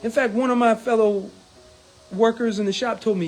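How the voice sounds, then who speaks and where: Union member giving an angry, high-pitched, very animated report with faint music underneath. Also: male voice, brisk, gravelly. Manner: indignant, gets heated and rises in pitch when angry; hesitant with numbers, many ums and uhs. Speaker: union executive board member. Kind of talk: casual report to viewers.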